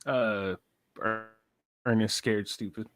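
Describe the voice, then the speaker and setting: A man's voice: lowish voice, fairly even intonation, slow pace, fairly bright tone, slight background noise. A man joining a casual livestream, giving short, laid-back replies and chuckling along. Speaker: stream guest.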